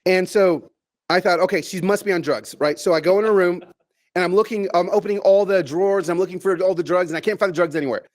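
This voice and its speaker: Animated man giving a keynote. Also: sits high. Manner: animated, repeats and restarts phrases, drawn-out emphatic slowing. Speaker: keynote speaker. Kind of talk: motivational keynote talk to a virtual audience.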